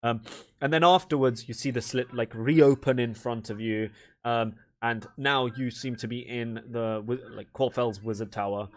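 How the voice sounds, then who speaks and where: A man's voice: medium pitch, moderate pace. A man narrating a tabletop game as game master, in a rambling, casual way full of fillers.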